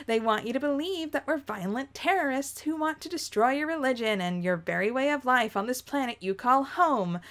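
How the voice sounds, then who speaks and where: A woman's voice: sits high, a bit bright. A woman voicing a brash, arrogant alien teen girl villain, reading a webcomic aloud with cocky, theatrical taunts. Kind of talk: read-acting a webcomic.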